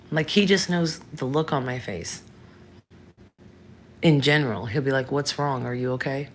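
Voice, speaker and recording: A woman's voice: very deep voice, vocal fry, slight background noise. A woman in her thirties hosting a casual livestream, chatting frankly and answering viewers by name. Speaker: livestream host.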